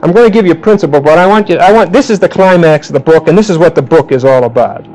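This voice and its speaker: A man teaching a Bible class, questioning his students and calling on them by name, slowing down to quote verses. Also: on the high side, a little mellow, rough recording. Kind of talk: interactive Bible class lecture.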